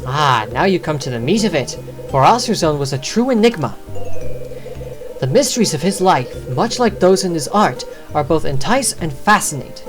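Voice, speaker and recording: A formal, long-winded older novelist from a mystery game, lecturing with a lively rise and fall in a low voice, as a woman reads him out. He speaks at a measured, careful pace. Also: over music.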